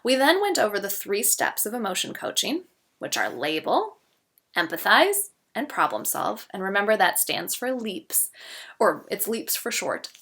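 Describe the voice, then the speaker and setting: A woman gently explaining parenting steps, modeling soothing phrases for children. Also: mid-range voice, big pitch swings, a little slow, slightly rough. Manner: gentle, explains step by step with spoken examples. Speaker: parenting educator. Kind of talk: instructional talk with example phrases.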